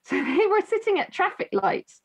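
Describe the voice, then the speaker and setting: A woman hosting a podcast, telling a story in a halting way with many restarts. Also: very high voice, sing-song. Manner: halting, many restarts, moved close to tears. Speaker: podcast host. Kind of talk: emotional storytelling in conversation.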